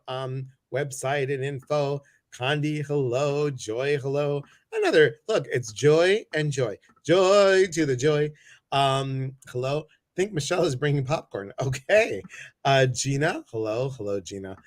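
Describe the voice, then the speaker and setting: A man's voice: medium pitch, no room sound. A man hosting a casual livestream chat over a video call, effusive and greeting many viewers by name. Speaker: host.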